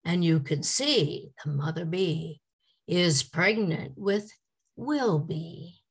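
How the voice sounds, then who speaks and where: A woman giving a teaching lecture to English teachers, speaking deliberately and reading example questions aloud to show how they sound. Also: on the low side, expressive, slightly rough. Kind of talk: slide-based teaching lecture.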